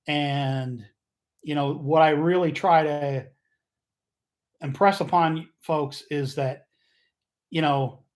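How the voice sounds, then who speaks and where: A man hosting a casual livestream, rambling and joking, often losing his train of thought and getting loud and fired up. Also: fairly high pitch, fairly even intonation, takes it slowly, long pauses. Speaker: livestream host.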